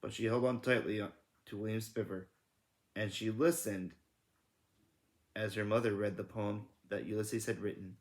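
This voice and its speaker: A man's voice: lowish voice, steady tone, normal speed, long pauses. A man reading a children's book aloud in a casual, self-correcting way, stopping to comment. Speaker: read-aloud narrator.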